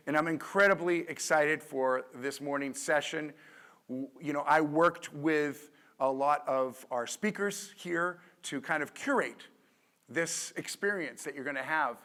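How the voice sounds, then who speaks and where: A man acting as MC who introduces the speaker on an expo stage, enthusiastic and halting with restarts. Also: on the high side, pushed and bright. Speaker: MC of the presentation room. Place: expo stage before an audience.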